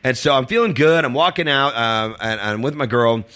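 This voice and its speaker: A man's voice: medium pitch, expressive, normal speed, pushed and bright, smooth. A comedian telling casual, rambling stories, often laughing as he talks. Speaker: comedian guest. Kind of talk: casual storytelling.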